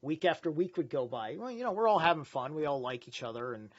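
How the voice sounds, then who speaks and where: A man with a slightly high voice rambles candidly on a live stream, cursing freely and tripping over his own words. The sound is dull and lo-fi, like a cheap home setup. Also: expressive, quick pace. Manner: rambling, candid, swears, many restarts. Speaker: livestream host reading philosophy. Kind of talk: casual live reading and rambling commentary.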